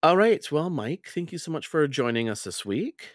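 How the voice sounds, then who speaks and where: A man's voice: on the high side, big pitch swings, normal speed, dry recording, clean studio sound. A man hosting a gaming podcast, chatting casually and running an upbeat sign-off with fillers. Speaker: podcast host.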